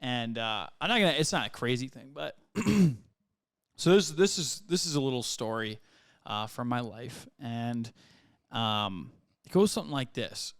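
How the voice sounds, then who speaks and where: A man's voice: mid-range voice, a little slow, smooth. A young man co-hosting a casual podcast, talking loosely with lots of swearing and laughter. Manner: lively, laughs a lot, swears, loud cheering. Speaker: podcast co-host. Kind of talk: casual chat.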